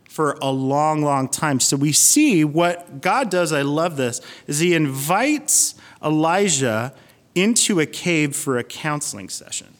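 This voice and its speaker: A man's voice: a little high, in a large hall. A man preaching a sermon in an earnest, conversational way. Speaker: pastor.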